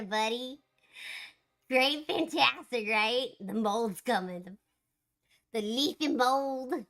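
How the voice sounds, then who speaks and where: A woman chatting casually with her live-stream viewers, animated and laughing often. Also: a little high, slow, soft background music.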